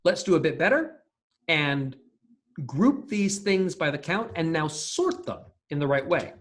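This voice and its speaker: Speaking slowly in a high-leaning voice with big pitch swings, this male lecturer delivers a recorded programming class, thinking aloud casually and full of fillers and restarts.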